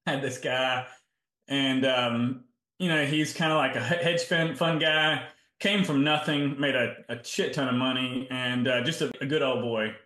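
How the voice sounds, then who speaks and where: A man's voice: medium pitch, steady tone, unhurried, pushed and bright, echoey room. A middle-aged man, a health coach telling client stories in a casual interview and acting out both sides of each conversation.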